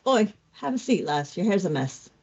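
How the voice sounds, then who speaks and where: A woman's voice: fairly low pitch, sing-song, moderate pace, darkish tone, breathy edge, exaggerated voice. A woman voicing a blunt but caring young woman who braids a friend's hair, speaking brusquely with a tender streak. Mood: gentle. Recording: dull lo-fi recording with faint music.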